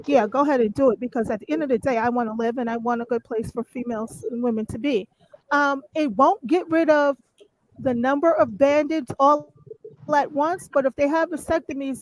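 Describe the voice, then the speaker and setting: A high-voiced, blunt, opinionated woman on a panel. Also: no room sound, low-quality recording. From United States. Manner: blunt, opinionated, plain-spoken. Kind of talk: live-stream panel discussion.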